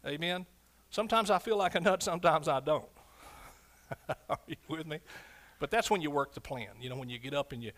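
A man preaching a fervent sermon as pastor, swinging from loud shouts to quiet, low asides. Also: creaky.

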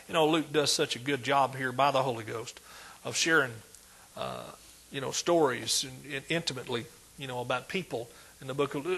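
A man preaching a sermon, emphatic, swinging between loud declarations and hushed asides. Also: medium pitch, slightly rough.

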